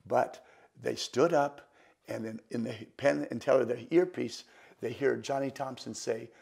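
Gravelly, husky older man telling stories. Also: mid-range voice, unhurried. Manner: animated anecdotes, acting out other people's voices. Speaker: guest magician. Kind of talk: storytelling interview.

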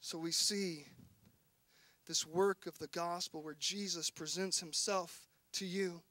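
High-voiced pastor, bright and impassioned. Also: male voice, steady tone, slow pace, dry recording. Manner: impassioned, swings from loud emphasis to hushed intensity. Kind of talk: sermon. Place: church.

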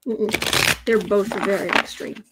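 Unhurried woman reading tarot on a livestream. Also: mid-range voice, fairly even intonation, heavy background noise. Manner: unhurried and drawn-out, drops into soft near-whispered asides. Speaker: tarot reader.

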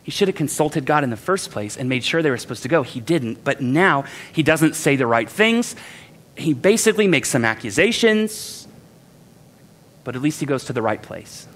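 Animated high-voiced man preaching a sermon. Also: moderate pace. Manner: animated, acts out voices of the people in the text; conversational, self-deprecating asides. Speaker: pastor.

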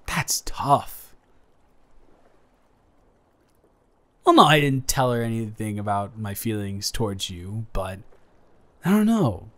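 A young man playing his best friend's earnest older brother in an improvised romantic audio roleplay, speaking haltingly with many restarts. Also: lowish voice, big pitch swings, a bit bright. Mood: relieved. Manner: halting, hesitant, frequent restarts.

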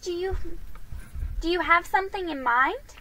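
A woman's voice: very high-pitched, unhurried, sharp tone, voice pushed up, exaggerated voice. A woman voicing a sweet, eager young woman, curious and chatty, read over background music.

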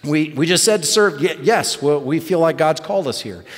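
A middle-aged male pastor telling a story in a sermon, animated and self-deprecating. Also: a little high, normal speed, long reverb tail. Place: church sanctuary.

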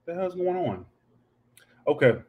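A man's voice: a little high, big pitch swings, a little slow, phone-quality sound. A man doing a casual livestream tarot reading, talking in a snappy, profane, ranting way. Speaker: tarot reader.

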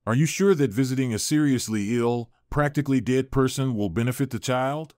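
A man's voice: mid-range voice, fairly quick, darkish tone, no echo, studio quality, natural voice. A man voicing a cautious hospital doctor who speaks in a doubtful, careful way.

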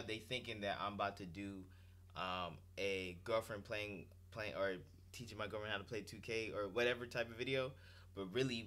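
A man's voice: on the low side, pushed and bright. A young man hosting his gaming channel, giving a hyped, slangy, profane vlog intro. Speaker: gaming YouTuber.

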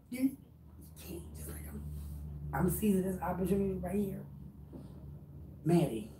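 Woman vlogger, profane and preachy call-out delivery, low mellow timbre, echoey room with faint hiss. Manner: blunt, profane, lecturing. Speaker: YouTuber. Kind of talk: direct-address rant vlog. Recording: roomy echo, distant mic, faint noise.

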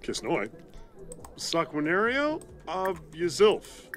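A woman's voice: on the low side, very animated, takes it slowly, faint music behind. A woman voicing a sim character, babbling made-up game language with mumbles and trailing laughs.

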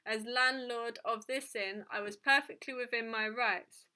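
A woman's voice: fairly high pitch, fairly even intonation, unhurried, sharp tone, clean tone. A woman reading a storybook aloud, voicing a grumpy, irritable middle-aged male innkeeper who snaps and defends himself. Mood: grumpy, defensive. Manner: snappish and defensive.

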